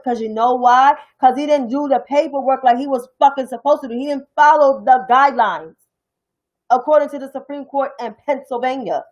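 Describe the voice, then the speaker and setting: A young adult woman with a New York accent, from New York City, rants about politics on her own stream, heated, blunt and profane. She has a high voice. The recording has its highs cut off.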